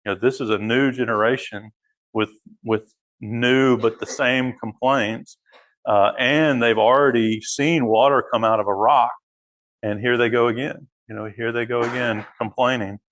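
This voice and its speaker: A man's voice: mid-range voice, fairly even intonation, moderate pace, a bit bright. A man teaching an adult Bible class in a church room, talking things through with frequent restarts and fillers. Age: adult father. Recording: echoey room, voice from afar.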